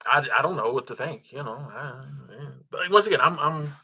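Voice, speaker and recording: A man with a husky, sharp-toned voice at medium pitch hosts a casual stream at a fairly quick pace. Easygoing and chuckling, he reads viewer comments and thanks supporters, often umming and starting over.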